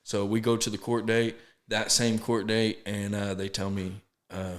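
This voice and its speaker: A man with a fairly low voice tells his story as a podcast guest. He speaks earnestly and haltingly, starts sentences over, and acts out what others said to him. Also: flat delivery. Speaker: podcast guest, sober living founder. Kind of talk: casual storytelling interview.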